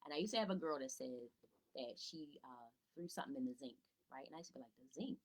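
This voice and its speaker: A woman's voice: rumbling low, fast talker, low-quality recording. A woman tutor giving a casual live teaching talk to parents from home, asking rhetorical questions and answering them herself. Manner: casual, chatty, greets viewers by name. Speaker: tutor and educator.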